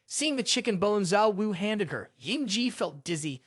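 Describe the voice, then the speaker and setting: A narrator reading a scripted story recap in a brisk, expressive way. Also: medium pitch, dry recording, studio quality.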